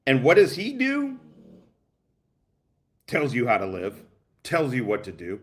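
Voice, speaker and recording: A man hosting a livestream, reacting to a clip with loud, profane, laughing commentary and shouting out donors. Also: medium pitch, measured pace. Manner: loud, laughing, swearing, animated. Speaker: livestream host.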